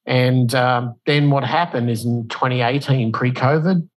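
Animated man telling a story casually. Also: medium pitch, measured pace, low-quality recording. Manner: animated storyteller who acts out quotes in a raised voice; loose delivery with fillers and restarts. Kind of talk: casual conversational explanation.

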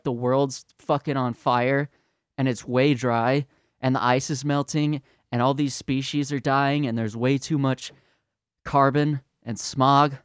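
A man's voice: medium pitch, clear, resonant tone, dry recording, studio quality. A slightly drunk man hosting a podcast, delivering a fiery, profane, sarcastic political rant. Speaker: podcast host.

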